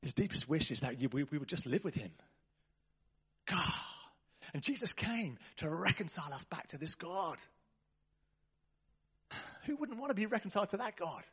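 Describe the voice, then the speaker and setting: High-voiced lively preacher man. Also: moderate pace, long pauses, husky, muffled recording. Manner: animated, conversational preaching with exclamations. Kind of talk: sermon. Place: church.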